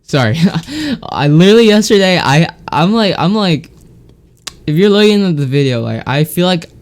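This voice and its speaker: A man's voice: high-pitched, very animated, moderate pace. Teen guy talking to himself on his podcast at home, stuffy nose, says like a lot. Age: teens. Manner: rambling, many fillers and restarts. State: congested from a sore throat. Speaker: podcast host. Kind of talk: casual solo chat. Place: home, alone.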